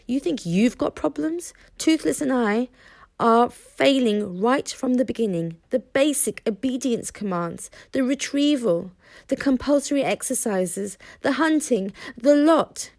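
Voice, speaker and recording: A woman's voice: on the high side, animated, a little slow, a little mellow, no echo, pitched above the performer's own voice. A woman reading aloud and voicing a frustrated young Viking boy, exasperated and pleading.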